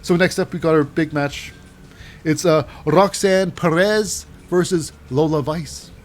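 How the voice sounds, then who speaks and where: A man's voice: a little high, unhurried. A man casually recapping wrestling matches in a rambling, wry way with lots of fillers.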